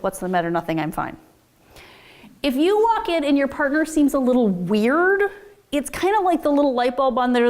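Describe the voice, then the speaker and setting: Middle-aged woman marriage therapist, casual advice talk, chatty, voice on the higher side. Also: darkish tone. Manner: chatty, acts out quoted dialogue.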